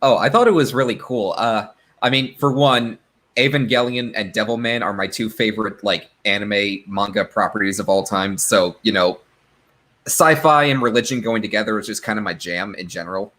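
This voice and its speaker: A man's voice: lowish voice, moderate pace, fairly bright tone. A man on a podcast panel, talking in a loose, rambling way with plenty of fillers. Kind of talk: casual chat.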